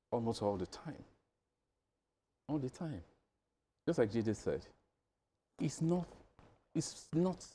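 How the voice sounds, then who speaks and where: A man speaking as a guest on a news panel, measured at first and then building to pointed questions. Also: fairly low pitch, mellow, a little hiss or hum. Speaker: studio guest commentator.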